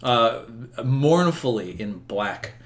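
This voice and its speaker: A man running a tabletop roleplaying game as game master. He describes scenes at a mid pitch and fills his narration with ums and uhs. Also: expressive, takes it slowly. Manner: filler-heavy, descriptive.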